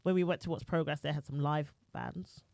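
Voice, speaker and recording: A woman's voice: low voice, fairly even intonation, a little fast, gravelly, a little mellow, no echo. A woman co-hosting a chat podcast, chatty and giggly as she asks the guest questions. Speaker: podcast co-host.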